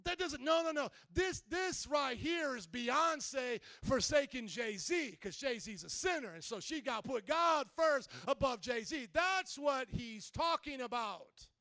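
High, gravelly-voiced preacher, dry close sound. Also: male voice, slow pace, few pauses, dry recording. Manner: animated preaching, acting out quoted voices, swings from loud to hushed; jokey asides to the congregation. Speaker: pastor. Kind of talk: sermon.

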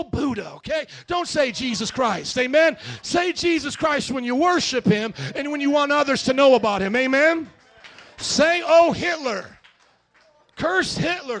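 A middle-aged male pastor preaching a sermon, calling out to the congregation and rising to shouts. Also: high-pitched. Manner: call-and-response, rising to shouts.

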